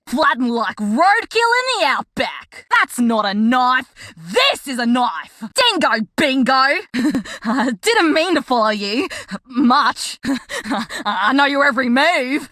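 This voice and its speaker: A woman's voice: high-pitched, bright, forceful tone, dry recording, full character voice. A woman voicing a playful, menacing female crocodile assassin in a game, with a thick Australian accent and exaggerated slang. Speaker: game character. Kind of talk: game voice lines.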